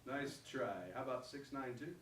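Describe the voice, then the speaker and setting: A man's voice: medium pitch, moderate pace. A man emceeing a raffle on a small theater stage, teasing and playful. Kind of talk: live comedy emcee banter. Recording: echoey live theater recording from a distance, background noise.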